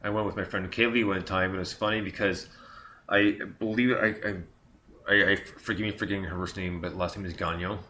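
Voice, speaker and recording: Deep-voiced rambling male interviewer. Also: fairly even intonation, a little fast, pushed and bright. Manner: rambling, many restarts and fillers. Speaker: interview host. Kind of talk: casual interview chat. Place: music venue. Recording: echoey room with faint noise.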